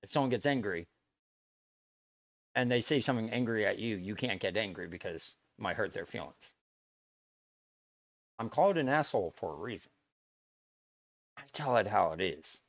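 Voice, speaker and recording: A man's voice: lowish voice, animated, moderate pace, pauses often, no echo. A man streaming live, talking bluntly to his viewers in a lecturing way, swearing and repeating himself as he makes his point. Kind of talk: casual stream chat to viewers.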